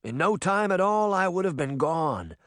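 Man voicing aging man turning young, earnest, high-pitched, tender. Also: very animated, moderate pace, fairly bright tone, no echo, studio quality.

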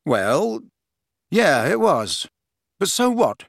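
A man's voice: on the high side, sing-song, very slow, gravelly, no echo, studio quality, full character voice. A man voicing a defensive, flustered teenage schoolboy wizard in an audiobook.

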